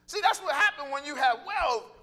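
A man preaching a sermon, animated and joking, acting out little voices and calling out to the congregation. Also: very high-pitched, moderate pace. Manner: animated, joking, acts out voices, laughs often; calls out to congregation.

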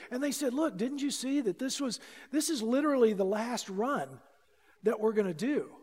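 A pastor with a very high voice tells a personal story from the pulpit, animated and playing out each exchange, sometimes shouting at the tense moments. His voice rings out with a long reverb in a large hall.

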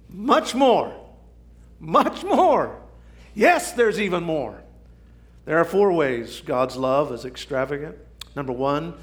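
A man preaching a sermon, swinging from shouting to near whisper for drama. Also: a little high. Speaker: pastor.

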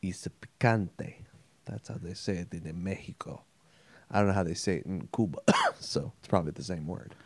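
A man's voice: low voice, a little fast, no room sound. A man co-hosting a gaming podcast, joking around in loose, rambling banter with lots of laughter. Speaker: podcast co-host.

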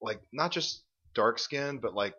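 A man's voice: medium pitch, lively intonation, unhurried, bright, forceful tone, husky, lo-fi sound. A man joking and rambling through casual gaming chat as a podcast co-host, swearing freely.

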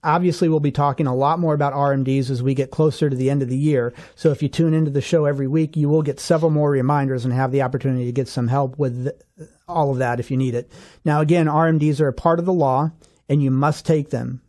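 A man co-hosting a radio finance show, explaining rules step by step in a steady, clear way. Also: medium pitch, fast talker. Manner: steady explanatory, walks through examples step by step. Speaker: financial advisor co-host.

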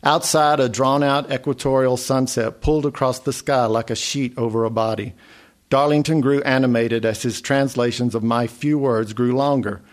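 A man's voice: medium pitch, fairly even intonation, normal speed. Man reading a memoir story. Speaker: narrator.

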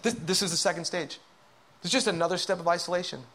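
High-voiced preaching man. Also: quick pace, a little hiss or hum. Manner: dramatic, swings from loud urging to hushed whispers acting out inner voices. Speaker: pastor. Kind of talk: sermon.

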